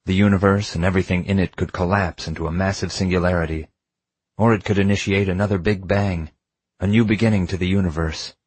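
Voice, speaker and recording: A man narrating an audiobook in the first person, reading in a measured, intimate way. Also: deep voice, steady tone, breathy edge, no room sound.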